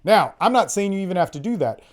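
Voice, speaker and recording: A man hosting a podcast, telling stories in a casual, profane, animated way and quoting other people in quick bits as he goes. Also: sits high. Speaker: podcast host, dating coach. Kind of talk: casual storytelling on a group call.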